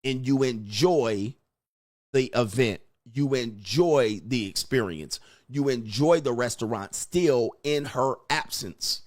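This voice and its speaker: A dating advice host lectures bluntly and emphatically, swearing as he acts out quoted exchanges. His voice sits in the mid-range, and he takes it slowly.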